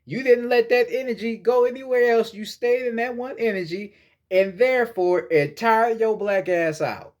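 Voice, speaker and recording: High-voiced man, profane spiritual rant. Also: normal speed, a little mellow. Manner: blunt and profane, lecturing, repeats himself. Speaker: spiritual vlogger. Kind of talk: casual spiritual monologue.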